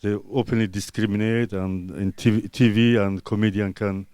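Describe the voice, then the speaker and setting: A man from Azerbaijan whose first language is Talysh, an artist answering interview questions in halting, broken English full of pauses and fillers. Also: fairly low pitch, steady tone, a little mellow, smooth, no echo.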